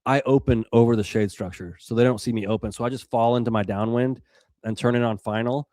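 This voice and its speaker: A man's voice: mid-range voice, a little fast, no room sound, clean studio sound. A man in his forties from the Rocky Mountains, telling a story in casual chat with lots of fillers and acted-out quotes. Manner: animated, acts out quotes, many fillers and restarts. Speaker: podcast guest, former special operations weatherman.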